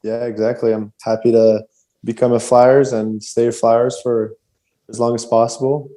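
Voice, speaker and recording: A man whose first language is French, a podcast guest from Quebec, answering casually in an easygoing, slightly halting way. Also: medium pitch, level tone, mellow. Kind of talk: casual interview chat.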